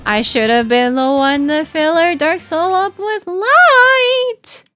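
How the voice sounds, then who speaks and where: A woman voicing a brooding, melodramatic young male game hero with a slow, overwrought delivery. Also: very high voice, expressive, pushed and bright, soft background music, pitched above the performer's own voice, full character voice.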